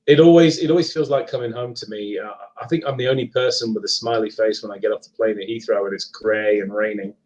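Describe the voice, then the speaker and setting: A middle-aged man from England with a Leicester accent softened by years abroad, chatting as a podcast guest, hesitant and full of ums and restarts. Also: lowish voice, fairly even intonation, fast talker, poor audio. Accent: Leicester English, partly Americanized. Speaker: guest author and paranormal investigator. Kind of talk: casual live podcast chat.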